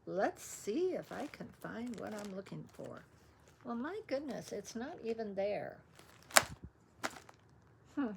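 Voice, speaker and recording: A woman's voice: mid-range voice, big pitch swings, slow pace, creaky, long pauses, noisy background. A woman vlogger chatting casually about her stitching patterns, rambling and interrupting herself as she searches. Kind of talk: casual show-and-tell chat.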